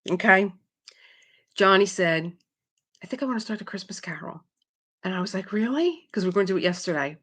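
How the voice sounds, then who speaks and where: A woman's voice: medium pitch, fairly quick, pauses often, a bit bright. A middle-aged woman hosting a live craft stream, chatting casually and animatedly, reading viewer comments aloud and laughing often.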